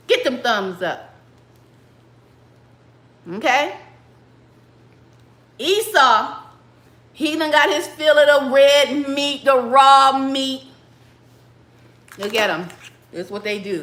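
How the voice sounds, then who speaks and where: A woman hosting a livestream, casually retelling a Bible story with animated laughter and bursts of song, recorded in an echoey room. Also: sits high. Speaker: livestream host.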